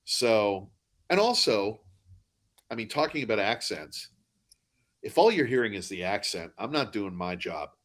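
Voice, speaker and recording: A man with a fairly low voice chats loosely in a live online interview. He talks with animated, self-deprecating energy and often stumbles over his words. He comes across as a guest in a relaxed conversation about his craft. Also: unhurried, long pauses. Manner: animated, self-deprecating, drops into joking mock accents. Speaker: audiobook narrator guest. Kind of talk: casual live interview chat. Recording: live online video chat.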